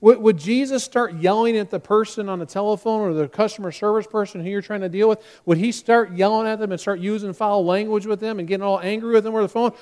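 A man preaching a sermon as pastor, his voice sitting high for a man. He delivers it with animation and slips into the voices of the people he quotes. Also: fairly even intonation, quick pace, few pauses, darkish tone.

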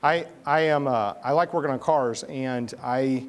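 A man's voice: medium pitch, measured pace. A man in his thirties, a pastor, preaching a sermon in a conversational storytelling way with chatty asides.

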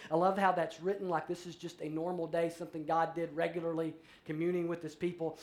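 A male pastor preaching a sermon, animated and conversational, acting out little scenes and reading scripture aloud. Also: on the high side, brisk, few pauses. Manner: animated, acts out voices in a story, shifts between loud and soft.

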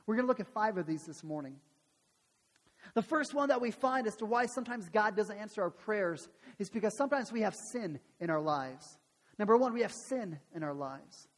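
A man's voice: high-pitched, long reverb tail. A man preaching a sermon, earnest, with rhetorical questions and repeated phrases. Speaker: pastor.

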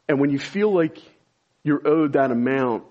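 A man preaching a sermon as pastor, explaining scripture and rising to loud, high-pitched emphasis when stirred. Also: lively intonation, normal speed, highs cut off.

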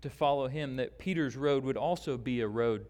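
A man preaching a sermon as pastor, deliberate and emphatic, with long pauses. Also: medium pitch, darkish tone. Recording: long hall reverb.

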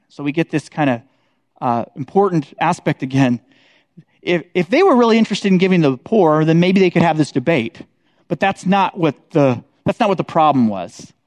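A man's voice: on the high side, dry recording. A man leading a casual Bible study, talking conversationally and often checking in with his listeners. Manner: conversational, many "like" and "right?" tags.

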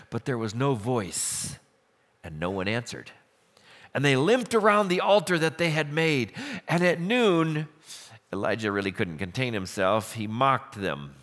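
Male pastor, mid-high voice, vivid storyteller preaching a sermon; echoing hall. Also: a little slow. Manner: storytelling, animated retelling of scripture.

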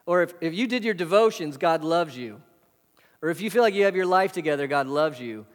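A pastor preaching a sermon in a conversational way, full of rhetorical questions. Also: male voice, on the high side, lively intonation, brisk. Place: church hall. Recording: hall reverb.

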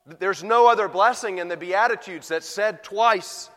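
A man preaching a sermon as pastor, swinging from quiet asides to emphatic, loud peaks. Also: high-pitched, a little slow, in a large hall.

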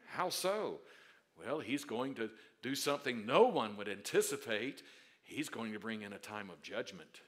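A male pastor preaching a sermon, dropping to quiet asides and then rising to loud, drawn-out emphatic declarations. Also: on the low side, expressive. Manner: stretches key words slowly for emphasis.

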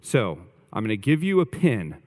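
A man voicing a calm male psychiatrist who coaxes a patient along. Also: lowish voice, normal speed, long reverb tail.

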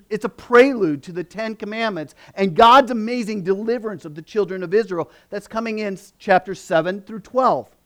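A male pastor preaching a sermon, moving between emphatic passages and hushed asides. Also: high-pitched.

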